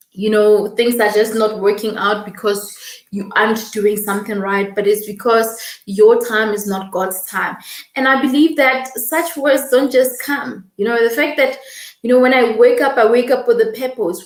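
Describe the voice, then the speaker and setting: A young woman hosting a casual livestream, greeting viewers by name and talking warmly and quickly about her channel and purpose. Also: on the high side, echoey room. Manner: warm, effusive, reads viewer comments aloud; fast-talking, emotional, laughing. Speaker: livestream host.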